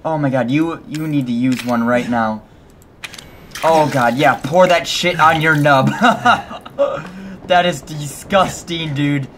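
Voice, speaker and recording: A young man with a fairly high voice commentates casually on a horror game. He is jumpy and nervous, swears freely, and laughs between scares. Faint game ambience sits under his talk. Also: takes it slowly, a bit bright, slight background noise. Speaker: let's play host.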